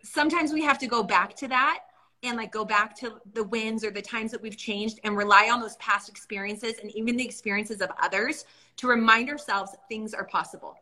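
A woman's voice: fairly high pitch, steady tone, fairly quick, pushed and bright. A young adult woman co-hosting a casual faith discussion, earnest and storytelling. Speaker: podcast co-host.

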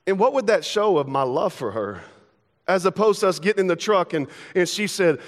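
Brief: young man, pastor preaching, slightly high voice, long hall reverb, casual and playful. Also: lively intonation. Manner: casual, playful, acts out everyday dialogue in quick asides. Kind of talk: sermon. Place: church sanctuary.

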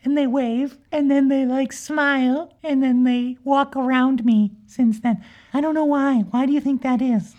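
A woman's voice: high voice, fairly even intonation, measured pace, warm tone, highs cut off. A woman voicing a cheerful, mischievous young magical unicorn girl, telling a rambling, childlike comic story with giggles. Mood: chatty. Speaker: podcast character.

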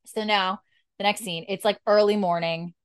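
A woman's voice: mid-range voice, fairly even intonation, normal speed, smooth, dry recording. A woman host casually recapping a show, chatty and full of fillers. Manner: chatty, filler-heavy storytelling. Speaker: podcast host.

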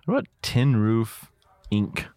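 A man's voice: mid-range voice, big pitch swings, slow, a little mellow, clean tone, dry recording, studio quality. A man co-hosting a podcast in casual chat, joking and laughing often. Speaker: podcast co-host.

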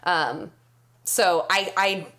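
A woman's voice: fairly low pitch, drawn-out words, sharp tone. A young adult woman co-hosting a podcast, slightly nasal, chatting and laughing often. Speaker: podcast co-host. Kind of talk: casual chat.

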